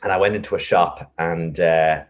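A man's voice: deep voice, steady tone, normal speed. A man reflectively telling a personal story, with many fillers and restarts. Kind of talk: casual storytelling.

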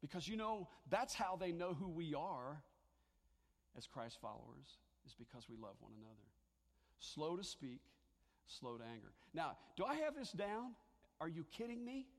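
A man's voice: fairly high pitch, animated, normal speed. Man preaching in an echoing hall. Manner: conversational, joking with the congregation. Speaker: pastor. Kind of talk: sermon. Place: church sanctuary.

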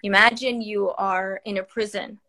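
A woman's voice: mid-range voice, steady tone, moderate pace, bright, forceful tone. A woman physician from Iran, speaking earnestly and with passion in a live-stream chat while holding back tears, with many fillers and restarts. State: tearful, holding back crying. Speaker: palliative care physician and podcaster, guest. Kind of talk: emotional live-stream conversation.

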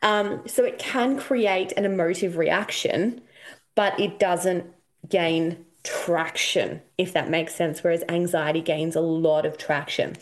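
Australian woman, 30s, casual podcast host; chatty, animated storytelling. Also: on the low side, takes it slowly. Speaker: podcast host and intuition coach. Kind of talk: casual solo podcast talk.

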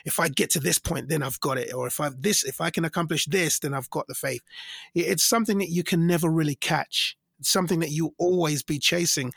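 A singer appears as a guest in a casual storytelling interview, his gravelly high voice animated as he acts out quoted voices with big pitch jumps. The sound is studio quality with no room sound.

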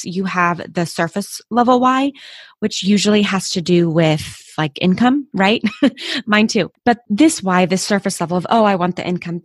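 A woman's voice: medium pitch, dry recording, clean studio sound. A woman in her thirties hosting a motivational solo podcast, talking in a candid, personal and encouraging way. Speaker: podcast host.

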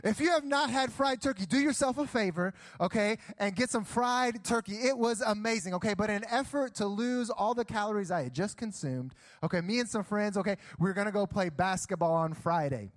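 Preacher guy, high voice, twang, keeps saying okay, lively church sermon. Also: brisk, few pauses. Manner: energetic, keeps asking "okay?". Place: church stage.

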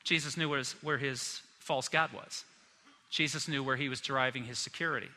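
A man preaching a sermon as pastor, animated and acting out the voices of the people he quotes. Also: mid-range voice, a little fast. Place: church hall. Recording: long reverb of a large hall.

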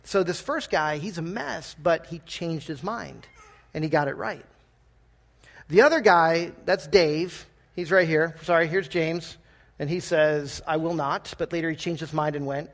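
A man preaches to his congregation in a church, his voice a touch higher than most. He keeps it conversational and lightly humorous, often checking in with the room with a quick question. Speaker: pastor. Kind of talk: sermon. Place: church sanctuary.

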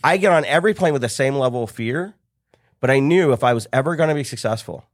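Animated middle-aged man telling a story. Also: mid-range voice, fast, no echo, studio quality. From United States. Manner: animated storyteller acting out quoted dialogue. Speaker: business coach, podcast guest. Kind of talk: storytelling in casual conversation.

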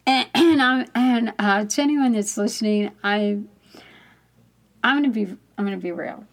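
A woman's voice: a little high, moderate pace. A woman telling a candid personal story in a chatty manner, laughing often as she talks.

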